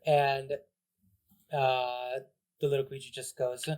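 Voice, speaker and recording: A man's voice: medium pitch, steady tone, moderate pace, a little mellow. A man narrating as game master in a tabletop game, in a loose, casual way full of "like"s. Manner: casual, filler-heavy narration with many "like"s.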